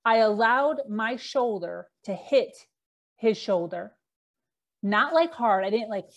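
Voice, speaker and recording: A woman's voice: fairly high pitch, lively intonation, slow pace. A middle-aged woman, a podcast guest, candidly telling her own story with frequent fillers and acted-out quotes.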